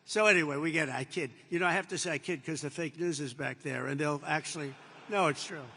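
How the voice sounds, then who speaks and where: A man's voice: on the high side, fast talker, pushed and bright, a little hiss or hum. An older man from the United States gives a rambling, off-the-cuff speech to troops, telling a story with many superlatives. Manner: meandering storytelling, repeats superlatives, acts out dialogue. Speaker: president addressing troops. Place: large air base venue. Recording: long reverb of a large hall.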